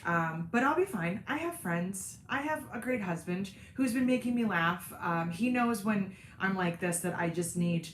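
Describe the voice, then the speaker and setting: A woman's voice: mid-range voice, animated, normal speed, hardly any pauses, roomy sound, slight background noise. A tired woman hosting a casual livestream from home, talking candidly and rambling with lots of "um"s. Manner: candid, self-deprecating, rambling with many "um"s. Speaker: host of a sewing and cork craft channel. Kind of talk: casual livestream chat with viewers. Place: home, seated indoors.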